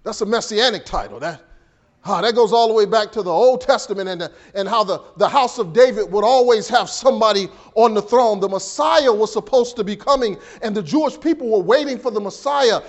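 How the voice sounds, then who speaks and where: A man preaching a sermon as pastor, swinging between hushed and raised delivery, often repeating words as he builds a point. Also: expressive, brisk. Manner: preaching with dramatic swings in pitch and volume.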